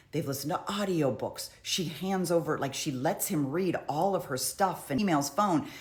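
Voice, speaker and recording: A woman casually recapping courtroom testimony in a chatty, conversational way. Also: low-pitched. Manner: chatty, conversational, frequent "like" and "you know". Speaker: true crime commentator.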